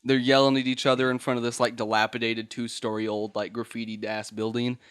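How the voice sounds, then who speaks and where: A man's voice: mid-range voice, flat delivery, fairly quick, fairly bright tone, smooth. A man hosting a podcast, telling a story casually, rambling and laughing, swearing and acting out voices. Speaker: podcast host.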